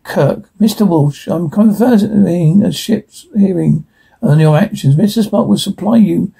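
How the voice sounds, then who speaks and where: A man's voice: high-pitched, measured pace, creaky, warm tone, slightly rough, full character voice. A man reading the part of a commanding male starship captain who gives curt orders. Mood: stern.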